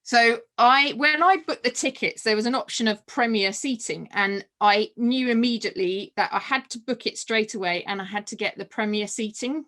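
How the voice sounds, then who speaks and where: Female guest, mid-range voice; lively anecdotal storyteller with frequent laughs and restarts. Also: mid-range voice. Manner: animated, laughs often, many restarts and fillers. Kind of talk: personal storytelling in a conversation.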